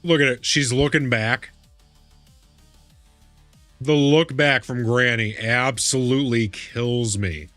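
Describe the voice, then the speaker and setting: A man's voice: medium pitch, takes it slowly, long pauses, fairly bright tone, dry recording, soft background music. A young adult man streaming a game, chatting casually and laughing, often repeating himself. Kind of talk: casual live-stream chat.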